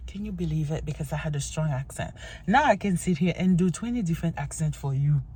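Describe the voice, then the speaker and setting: A woman's voice: low-pitched, animated, fairly quick, warm tone, breathy edge. Haitian-accented woman chatting on her vlog. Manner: chatty and encouraging, with frequent restarts and "you know". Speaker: vlogger. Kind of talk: casual get-to-know-me vlog.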